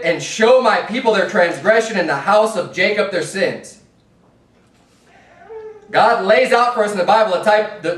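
A man preaching a fervent sermon as pastor, with an American accent, stumbling over repeated words as he presses his points. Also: sits high. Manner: impassioned, repetitive restarts, mimics soft preachers in a hushed voice. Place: church sanctuary. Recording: echoey room from far off.

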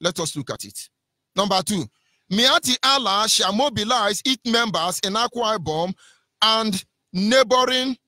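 A man's voice: sits high, sharp tone, dry recording. A man with a Nigerian accent, hosting a radio show and delivering impassioned political commentary full of rhetorical questions and sing-song rises. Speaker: radio host.

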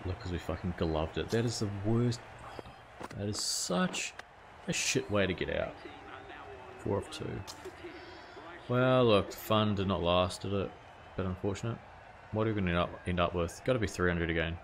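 A man's voice: low-pitched, normal speed, noisy background. A man hosting his gaming channel, casually talking through his play, reading out scores and swearing or exclaiming at big moments. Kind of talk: casual video game commentary.

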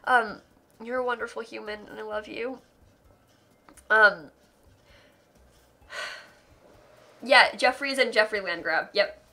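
A woman's voice: fairly high pitch, slow, pauses often, sharp tone. A young adult woman streamer reading donation messages aloud on a live charity stream, thanking people in an effusive, emotional way.

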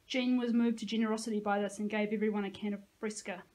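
A teacher reads a novel aloud to her class in a medium-pitched woman's voice. She keeps the narration plain and drops casual asides to the kids. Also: little pitch movement, quick pace, a little mellow, rough recording.

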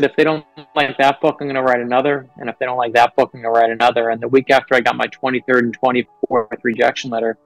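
Gravelly-voiced man telling his story. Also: mid-range voice, no echo, rough recording. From New York. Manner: earnest, animated storyteller, quotes people in his stories. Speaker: author guest. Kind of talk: interview storytelling.

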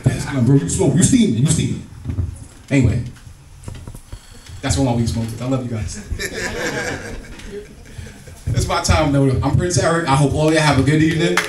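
A man's voice: on the high side, moderate pace, pauses often, recorded from a distance, background noise. A man doing stand-up, working the crowd with rambling street slang. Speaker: stand-up comedian. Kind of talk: stand-up comedy. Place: comedy club. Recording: echoey club recorded from afar, crowd.

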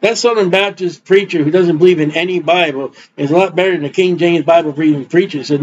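A man's voice: on the high side, fast talker, a little mellow, slight background noise. A middle-aged man preaching an informal, rambling sermon in a blunt, conversational way. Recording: dull lo-fi recording.

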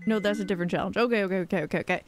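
A young woman live-streaming a game playthrough, playful and giggly, reacting out loud. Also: medium pitch, steady tone, very fast, faint music behind.

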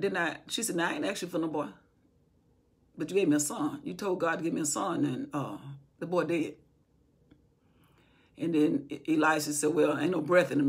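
A woman's voice: sits low, vocal fry, slightly rough. A woman telling a Bible story from memory in an informal teaching style, acting out what the people in it say. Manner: retells from memory, acting out quoted speech.

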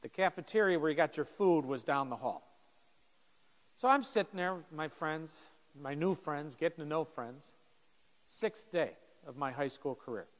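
A man's voice: fairly high pitch, moderate pace, in a large hall. A man in his fifties, a pastor telling a story to teenagers in short, punchy phrases, acting out the people in it. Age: 50s.

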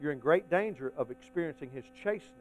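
A male pastor preaching a folksy sermon to his congregation, swinging between hushed asides and loud, emphatic points. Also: fairly high pitch, expressive, fast talker, slight background noise, rough recording. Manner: folksy, addresses the congregation as y'all.

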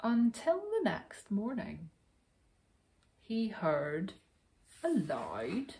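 A woman reading a rhyming picture book aloud for children, rhythmic and expressive. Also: mid-range voice, extremely slow, creaky, long pauses, reverberant. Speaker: children's storyteller.

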